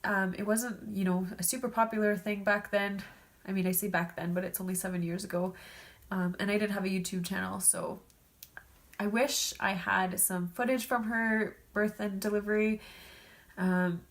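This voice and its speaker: A woman's voice: medium pitch, steady tone, moderate pace. A woman in her thirties with a stuffed-up nose, chatting casually to camera as a vlogger and filling her talk with "like" and "um". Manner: chatty, lots of "like" and "um". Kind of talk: casual storytelling vlog.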